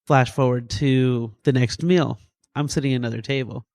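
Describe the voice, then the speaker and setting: A man in his thirties, a medic and doctor, tells stories in a podcast interview with a goofy, lively streak and acts out the voices of the people in them. His voice sits at an ordinary middle pitch. The sound is dry and close. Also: moderate pace, no echo. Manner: animated, goofy storyteller who acts out quotes. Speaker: paramedic and EMS physician guest.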